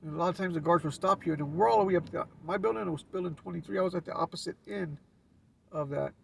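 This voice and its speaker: Casting: LA man, gravelly and raspy, laid-back storyteller heard from off-mic. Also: sits high, fast, far from the mic, a little hiss or hum. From Los Angeles. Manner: laid-back street slang with frequent restarts. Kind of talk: casual storytelling.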